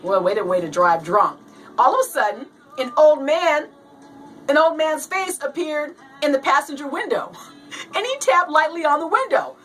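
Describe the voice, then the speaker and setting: A woman with a high, bright voice, swooping all over as she hosts a casual talk show and reads a joke out loud, laughing often and acting out the characters. She sits a bit away from the mic, and faint music plays behind her. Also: moderate pace, far from the mic, low-quality recording. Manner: animated, laughs often, acts out voices while reading. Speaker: host.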